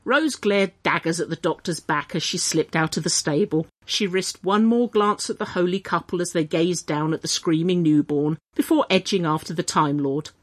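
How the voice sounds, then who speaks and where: A woman reading a comic story aloud, with lively, animated delivery and playful voices for the characters. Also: fairly low pitch, moderate pace, few pauses.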